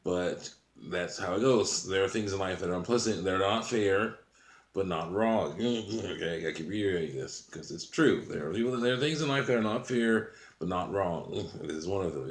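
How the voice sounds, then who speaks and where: A deep-voiced man rambles through a casual monologue, chuckling often between his sentences. His voice is low and carries a roomy echo, as if he is recording in a bare room. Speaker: channel host.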